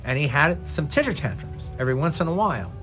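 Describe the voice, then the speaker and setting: A man, a film director being interviewed, telling a long anecdote with lively delivery. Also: fairly high pitch, fast, soft background music. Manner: lively, acts out dialogue in the retelling. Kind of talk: animated anecdotal storytelling.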